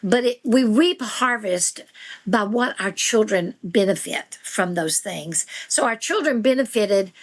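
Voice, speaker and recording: Woman guest on a podcast, earnest and encouraging, mid pitch. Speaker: podcast guest, veteran homeschool mom. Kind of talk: podcast conversation.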